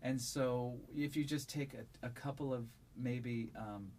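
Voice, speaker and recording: Male narrator, resonant mid-pitched voice, easygoing interview answers, faint noise behind. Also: a little slow. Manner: relaxed, thoughtful, with frequent fillers. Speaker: audiobook narrator. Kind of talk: conversational interview.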